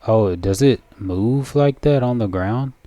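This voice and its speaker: A man talks through his turns in a video game, relaxed and thinking aloud as he plays. His voice is low and mellow, and the recording is dry and close to the mic. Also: slow, dry recording. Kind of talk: casual gameplay commentary.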